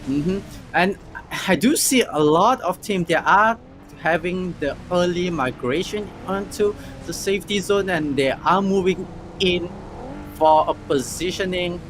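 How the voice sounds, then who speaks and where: Male esports caster, excitable play-by-play, a touch high, faint background noise. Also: measured pace. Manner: excitable, frequent "ooh" and "oh" reactions. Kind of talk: live play-by-play commentary.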